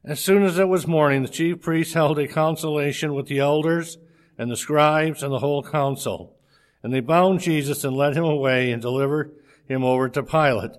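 A man reading a scripture passage aloud in a steady, measured way, with a few slips. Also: on the high side.

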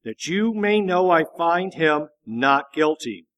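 A man voicing a stern, uneasy Roman governor in a measured, deliberate Bible reading. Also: a little high, lively intonation, fairly bright tone. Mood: grave.

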